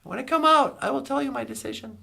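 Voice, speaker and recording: A woman's voice: high voice, fast, vocal fry, sharp tone, exaggerated voice. A woman voicing a stern, traditional old grandfather in a joke she tells, speaking solemnly and giving commands.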